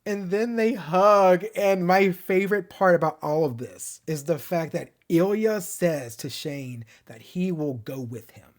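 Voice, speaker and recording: A man's voice: high voice, unhurried, hardly any pauses. A man recapping and reviewing a TV show in a casual, gushing way, laughing often.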